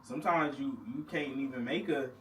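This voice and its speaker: A man's voice: mid-range voice, steady tone, fairly quick, fairly bright tone, roomy sound, recorded from a distance, a little hiss or hum, poor audio. A man, a recording artist, talking casually and animatedly with friends, laughing and using a lot of slang. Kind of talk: casual chat.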